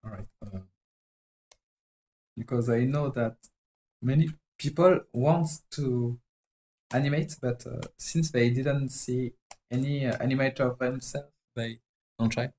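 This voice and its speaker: A man from France with a French accent, a native French speaker, chatting casually on a live stream while he animates. He talks in a halting, chatty way, often searching for words. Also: mid-range voice, mellow, low-quality recording.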